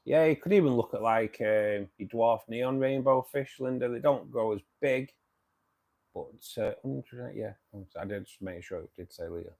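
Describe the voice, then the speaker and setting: A man's voice: medium pitch, normal speed, gravelly, a little mellow. A man from the UK with a Manchester accent, hosting a casual livestream and chatting back to viewers' comments. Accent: Manchester English. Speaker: livestream host.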